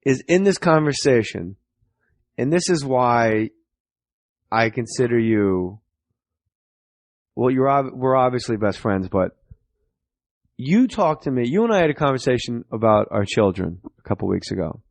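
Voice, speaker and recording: A man's voice: mid-range voice, animated, unhurried, pauses often, dry recording. A stand-up comedian in his forties, telling stories profanely and animatedly in a casual podcast chat. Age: 40s.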